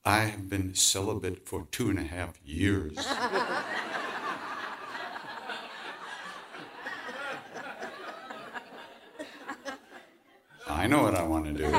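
A man's voice: mid-range voice, recorded from a distance, background noise. A man telling a personal story in conversation, acting out quoted voices and laughing often. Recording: voice from away from the mic.

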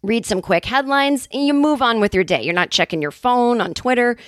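Comedian woman in her fifties hosting her own podcast, animated and salty, on a dry close mic. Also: on the high side, a little fast, dry recording. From New England, Boston area. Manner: animated, profane, jokey asides. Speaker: podcast host and stand-up comedian. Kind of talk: casual comedic monologue.

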